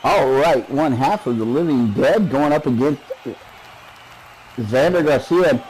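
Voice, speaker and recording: A man doing play-by-play wrestling commentary, excitable and joking, his voice climbing during the action. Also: medium pitch, unhurried, a little hiss or hum, rough recording.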